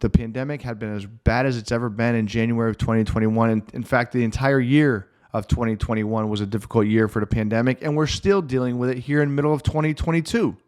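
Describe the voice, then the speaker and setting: A man's voice: medium pitch, fairly even intonation, darkish tone. A middle-aged man hosting his own podcast as a mental performance coach, telling a client story in an earnest, emphatic motivational monologue. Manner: earnest, emphatic storytelling with slow stressed phrases.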